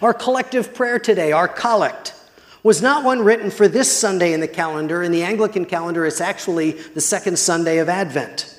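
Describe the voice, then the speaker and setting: A man preaching a sermon as pastor, measured and deliberate, sometimes putting questions to the congregation. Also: sits high. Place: church. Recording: long hall reverb.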